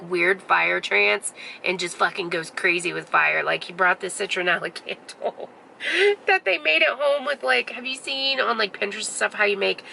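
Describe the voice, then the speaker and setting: A young woman vlogger chatting through a long story in a bright, sharp voice with a gravelly edge. She rambles and swears casually, leaning on "like" in nearly every line. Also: mid-range voice, a little hiss or hum, poor audio. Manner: chatty, profane, full of "like" fillers. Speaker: beauty vlogger.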